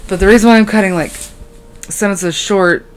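A woman's voice: mid-range voice, moderate pace. A sleep-deprived young woman hosting a solo podcast, rambling casually with lots of fillers and trailing sentences. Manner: rambling, scatterbrained, valley-girl fillers. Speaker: podcast host. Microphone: podcast microphone.

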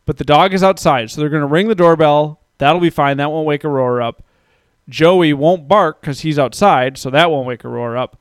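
A man in his thirties telling a story in a casual, profane rant that grows heated and loud. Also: a little high, normal speed, smooth, dry recording, clean studio sound. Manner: ranting, profane, gets heated and loud when recounting.

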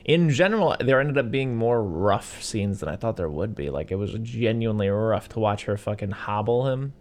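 A young man with a fairly low voice talks loosely about a film he just watched. He is relaxed and conversational, and drops the odd swear. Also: moderate pace. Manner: relaxed, swears casually, acts out quotes. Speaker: podcast co-host. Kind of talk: casual movie discussion.

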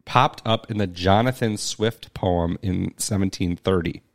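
A man's voice: sits low, unhurried, gravelly. A man co-hosting a casual chat, reading trivia aloud and joking as he rambles. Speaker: podcast co-host.

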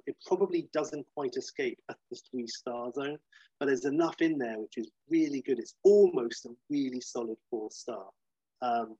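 Animated man reviewing films. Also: breathy edge, no echo, lo-fi sound. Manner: animated, acts out quotes in high silly voices. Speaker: podcast co-host. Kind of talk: casual film review chat.

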